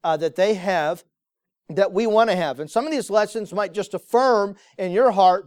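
A man's voice: high voice, moderate pace, a little mellow, clear, resonant tone, no room sound, clean studio sound. A man pastor giving a conversational sermon in a church, telling stories with frequent fillers. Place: church sanctuary with congregation.

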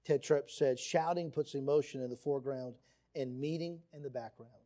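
A man's voice: medium pitch, steady tone, moderate pace, mellow. A man preaching a sermon on marriage, earnest and emphatic, reading quotes and scripture aloud. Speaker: pastor.

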